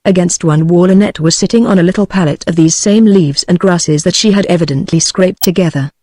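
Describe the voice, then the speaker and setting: A woman's voice: fairly low pitch, brisk, warm tone, dry recording. Synthetic British woman reading a novel. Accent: British English. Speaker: audiobook narrator. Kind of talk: scripted narration.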